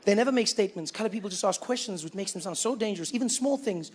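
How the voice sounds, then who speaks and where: Young South African male comic, high light voice, lively self-mocking storyteller. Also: very fast, hardly any pauses. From Johannesburg, South Africa. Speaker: stand-up comedian. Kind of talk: stand-up comedy routine.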